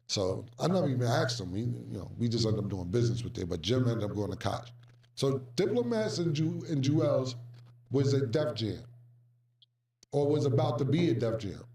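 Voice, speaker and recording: A man telling a casual anecdote, animated and profane, acting out the voices of the people he quotes. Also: medium pitch, normal speed, creaky. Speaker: storyteller recounting music business past. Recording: roomy, distant mic.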